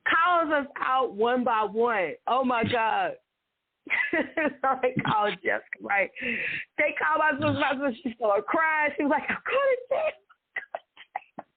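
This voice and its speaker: Animated woman on a tinny line. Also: high voice, measured pace. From Dallas, Texas. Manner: animated, laughing often, dramatic exclamations. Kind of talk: casual storytelling. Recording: tinny phone-like sound.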